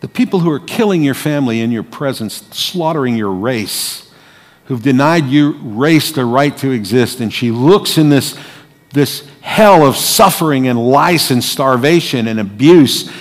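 A man preaching a sermon, dramatic, moving between hushed, quiet passages and loud, forceful lines. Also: medium pitch, a little slow. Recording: long hall reverb.

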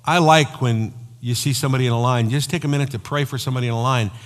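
A man preaching a sermon as pastor, telling personal stories in an animated way. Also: mid-range voice, fast talker. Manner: storytelling, animated, acts out quoted voices. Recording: long hall reverb.

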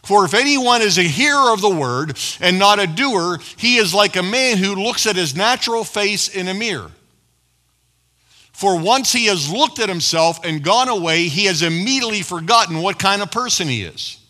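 A man preaching a sermon to a live congregation, with call-and-response asides, swinging between loud emphatic lines and quiet low asides. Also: lively intonation, normal speed. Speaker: pastor. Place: church hall before a live congregation.

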